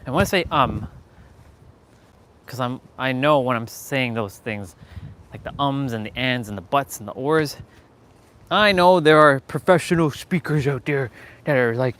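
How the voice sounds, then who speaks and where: Guy rambling on a live stream, mid-pitch voice, goes quiet then really leans on words slow and loud, chuckles a lot. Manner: swings from low murmurs to loud, slow, drawn-out emphasis; laughs often, casual and self-aware.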